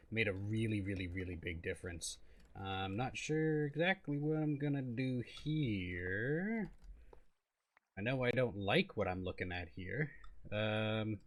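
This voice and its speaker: A man's voice: fairly low pitch, a bit bright, no room sound. A man giving casual gameplay commentary, rambling and self-deprecating, often trailing off mid-sentence. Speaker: gaming video creator.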